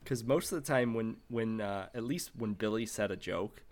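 A man co-hosting a casual movie review podcast, lively and acting out lines as he retells scenes. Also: on the low side, normal speed. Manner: animated, acts out quoted lines. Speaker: podcast co-host. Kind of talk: casual film review chat.

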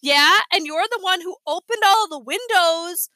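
A woman as an annoyed big brother, storybook, indignant, firm, high and bright. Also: a little slow, dry recording, exaggerated voice. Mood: exasperated. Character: exasperated boy, big brother.

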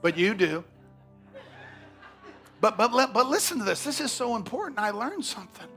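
A man preaching a sermon as pastor, telling stories with big swings from hushed to shouting. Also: sits high, big pitch swings, normal speed, creaky, soft background music. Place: church sanctuary.

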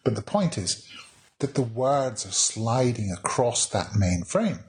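Slow and medium-pitched, this man's voice swings widely in pitch as he leads a casual poetry lesson. Chatty and wry, he keeps restarting while reading lines of verse aloud.

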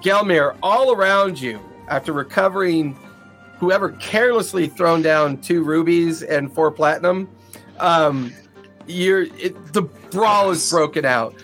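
A man with a high voice narrates a tabletop game as game master, describing the scene and calling for rolls. He laughs easily as he talks. Faint music plays behind him. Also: measured pace, fairly bright tone.

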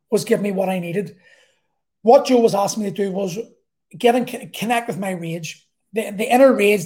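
A man's voice: sits high, darkish tone. A middle-aged man with a Belfast accent, telling a personal story in a blunt, sweary, rambling way. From Northern Ireland.

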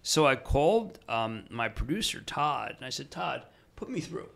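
Gravelly, excitable older man telling stories. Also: medium pitch. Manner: excitable, fast bursts, acts out quoted voices. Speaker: guest, TV financial personality. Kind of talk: animated storytelling in a podcast interview.

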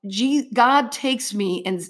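A woman's voice: fairly high pitch, slow pace. A middle-aged woman giving an earnest personal faith testimony as an interview guest, telling her story vividly in the present tense.

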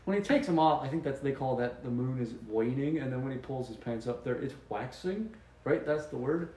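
A man co-hosting a podcast, rambling through absurd mock explanations in a deadpan way and laughing at his own jokes. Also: mid-range voice, fairly quick, roomy sound, poor audio. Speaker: podcast co-host. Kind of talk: joking casual chat.

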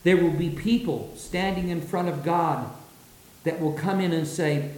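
Male preacher, sermon, slow and deliberate, slightly high voice, roomy echo. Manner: dramatic, drops low and soft for quoted words.

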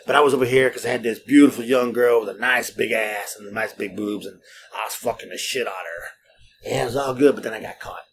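A man's voice: medium pitch, brisk, a bit bright, slight background noise, natural voice. A man voicing a boastful, cheating middle-aged male passenger in an offhand, bragging tone.

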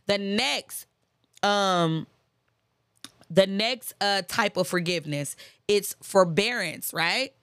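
A woman talks casually about forgiveness, in a chatty, emphatic, preaching way, and hammers her points home by repeating them. Her mid-pitched voice has a gravelly fry. The sound is close and dry. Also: slow pace, pauses often, fairly bright tone, no echo. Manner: chatty and emphatic, preaching asides, laughs often. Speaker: host. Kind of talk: casual faith-based talk on forgiveness.

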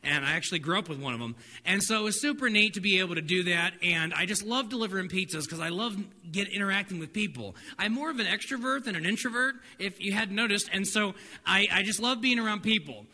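A middle-aged male pastor giving a sermon, telling stories with energy and dropping softer for his main points. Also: quick pace, hardly any pauses. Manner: animated storytelling with laughs and acted-out dialogue; drops soft and low for spiritual points. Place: church hall. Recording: reverberant hall, faint noise.

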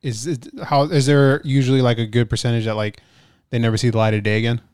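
A man's voice: mid-range voice, level tone, fast, a little mellow, clear, resonant tone, no echo. Rambling male host, dry sound. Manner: loose, rambling questions with swearing. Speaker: podcast host. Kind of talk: casual interview.

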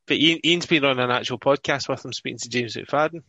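A man talks fast in a tense, bright voice during a casual podcast chat. The sound is close and dry. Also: medium pitch, slightly rough, no room sound, highs cut off.

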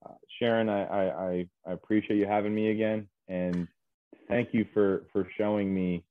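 A man with a very deep voice talks as an interview guest, earnest and halting. His voice comes through a tinny, phone-like line with a dry, close sound. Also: little pitch movement, no echo. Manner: earnest, halting, many fillers. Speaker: guest, mental health specialist. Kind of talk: casual interview chat.

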